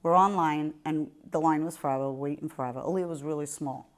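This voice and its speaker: A woman with a Staten Island accent hosting a podcast, telling a story in a brash, profane, animated way. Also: low-pitched, fairly quick. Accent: Staten Island New York. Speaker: podcast host. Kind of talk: casual storytelling chat.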